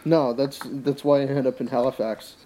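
A man's voice: mid-range voice, flat delivery, moderate pace, dark tone, rough recording. A man co-hosting a casual podcast chat, giving short, matter-of-fact replies. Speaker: podcast co-host.

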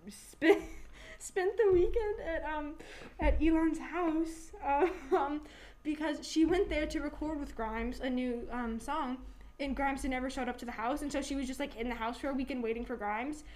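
High-voiced young woman rambling on a podcast. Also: moderate pace, darkish tone. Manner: rambling, many fillers and restarts. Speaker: podcast co-host. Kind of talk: casual chat. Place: home room. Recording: faint background noise, hot mic.

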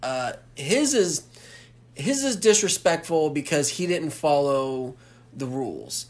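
A co-host casually recapping a film, talking in halting runs full of restarts and fillers. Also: medium pitch, sing-song. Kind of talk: casual movie recap chat.

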